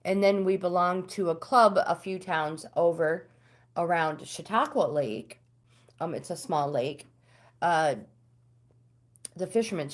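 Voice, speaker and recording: American lady chatting on her livestream, lowish voice, chatty, jumps up in pitch when she gets into it. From United States. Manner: chatty, talks back to comments, pitch swings up when animated. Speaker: livestream host. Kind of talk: casual chat with viewers.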